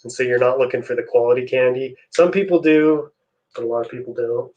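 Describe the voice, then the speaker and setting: A man's voice: mid-range voice, a little fast, muffled recording. A young man hosting a live stream, chatting casually with viewers while he builds. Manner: relaxed, chatty, answers chat messages.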